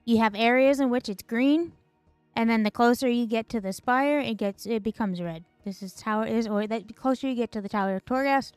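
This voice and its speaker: A woman's voice: fairly high pitch, fairly quick, darkish tone, clear, resonant tone, no echo, faint music behind. A woman streamer ranting in casual commentary, exasperated and sarcastic, swearing and piling up fillers.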